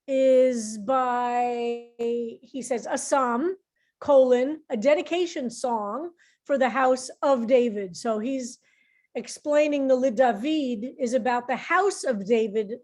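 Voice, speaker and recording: A woman's voice: a little high, a little mellow. A middle-aged woman rabbi teaching a psalm class in an informal, explanatory way, often restarting her sentences.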